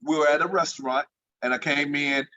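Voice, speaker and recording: A man telling lively stories as an interview guest, leaping up in pitch when he gets excited. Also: fairly quick, dull audio. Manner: animated storyteller, jumps high in pitch for excited quotes. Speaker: guest, former pro basketball entertainer. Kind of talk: storytelling in casual interview.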